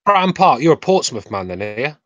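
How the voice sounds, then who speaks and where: Быстрый грубоватый английский мужчина. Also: male voice, mid-range voice, big pitch swings, fairly bright tone, no echo, lo-fi sound. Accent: English Midlands. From England. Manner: blunt, swears freely, rapid banter. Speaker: podcast co-host. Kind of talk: casual chat.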